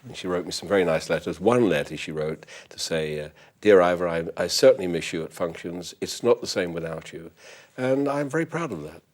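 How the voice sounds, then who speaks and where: An older man from London's East End with a softened London accent, a toastmaster who runs a butler school, answering interview questions in a polite, precise and formal way. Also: deep voice, fairly quick.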